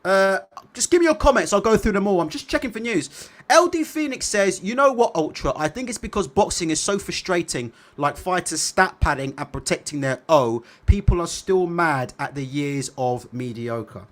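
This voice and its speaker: A man hosting a casual livestream, reading viewer comments aloud and chatting about them in an animated way. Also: high-pitched, moderate pace. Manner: animated, repeats tag questions. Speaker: boxing livestream host.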